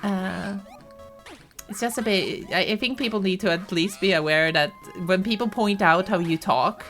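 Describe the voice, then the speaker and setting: A woman with a southern Swedish accent chats casually and rambles on a stream, often restarting, laughing and swearing. Her voice sits at a middling pitch for a woman. Faint music plays behind her. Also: normal speed, a bit bright. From southern Sweden. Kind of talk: casual chat.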